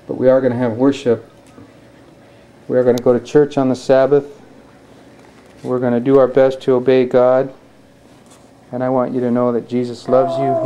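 A man with a mid-range, dark-toned voice records a home video inside the family house using a handheld camcorder. He talks earnestly and sings out coaxingly to his toddler.

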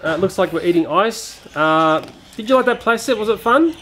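Man, toy reviewer, high-pitched, chatty, exclaims often, casual commentary. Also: expressive, a little fast, fairly bright tone, slight background noise.

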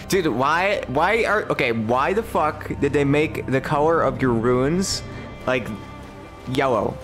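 A young man streaming gameplay, commenting live with lots of swearing and sudden high-pitched outbursts of frustration. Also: expressive, takes it slowly, over music. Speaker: game streamer.

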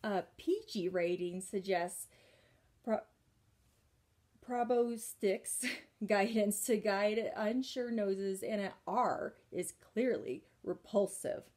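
A woman's voice: mid-range voice, a little mellow. A woman reading aloud and voicing a fussy, overbearing society lady who talks in a sugary, prim way. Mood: gushing. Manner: sugary and prim, drawn-out endearments.

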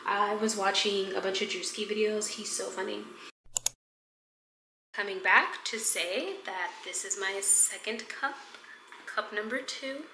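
This lifestyle vlogger talks at a measured pace in a medium pitch while brewing tea indoors at home, chatting casually and rambling in a playful way for her vlog. The kitchen has a roomy echo, background music is playing, and the overall recording is noisy.

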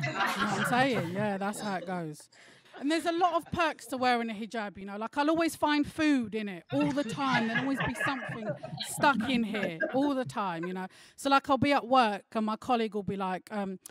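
A woman's voice: fairly high pitch, lively intonation, fairly quick. A young woman performing a cheeky, chatty stand-up comedy set with punchy delivery. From London. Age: young adult. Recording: laughter from a virtual audience.

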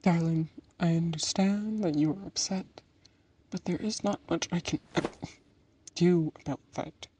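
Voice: medium pitch, a little slow, noisy background, natural voice. A voice actor in an audio role-play, playing a patient, teasing partner who calls the listener darling.

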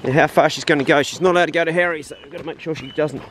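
Male dog trainer, fairly high voice, relaxed and talkative outdoors, faint background noise, breaks into high calls to the dog. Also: rapid-fire, rough recording. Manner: chatty, explaining as he goes. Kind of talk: casual outdoor training demo. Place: outdoors on rural land.

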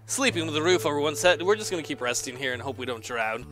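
A man's voice: on the high side, lively intonation, quick pace, a bit bright, soft background music. A man casually commenting on a game as he plays, exclaiming often, laughing and reading the game's text aloud. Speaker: let's player.

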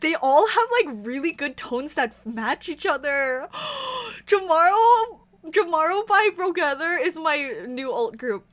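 A woman giving an excited reaction commentary on a music video, gushing and squealing with breathless exclamations. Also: high-pitched, a little slow, few pauses. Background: faint pop music playing.

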